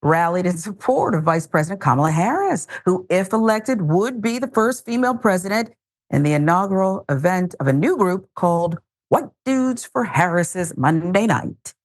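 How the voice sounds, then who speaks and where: A woman's voice: lowish voice, lively intonation, normal speed. A woman hosting a news commentary show, reading headlines casually with wry, joking asides.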